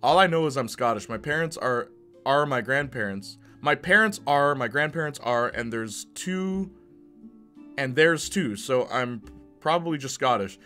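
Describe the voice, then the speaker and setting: A male streamer chats with his viewers in a loose, joking way and laughs often. His voice is bright and forceful. Faint music plays behind him. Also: medium pitch, expressive, normal speed. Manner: jokey, laughs often, talks to chat. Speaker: live streamer. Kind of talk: casual live-stream chat.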